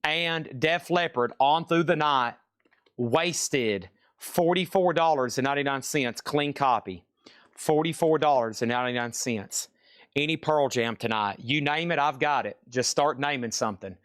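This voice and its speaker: A man hosting a live-streamed vinyl record sale, briskly listing records and prices and apologizing for delays. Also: mid-range voice, fairly bright tone, smooth, no echo, clean studio sound.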